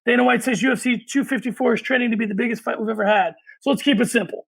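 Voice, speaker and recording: High, gravelly man co-hosting a sports podcast. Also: very fast, fairly bright tone, rough recording. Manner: opinionated, runs the segments. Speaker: podcast co-host. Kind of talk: casual sports chat.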